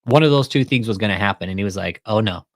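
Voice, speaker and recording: A man's voice: on the low side, quick pace. A man hosting a casual commentary show, swearing freely and retelling a phone call by acting out both sides of the dialogue. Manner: profane, retells phone calls with quoted dialogue. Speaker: commentary channel host.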